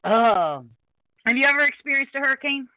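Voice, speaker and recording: A woman hosting a podcast in casual chat, talkative and quick to laugh as she tells stories. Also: high-pitched, animated, no room sound. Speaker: podcast host. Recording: dry, tinny phone-like sound.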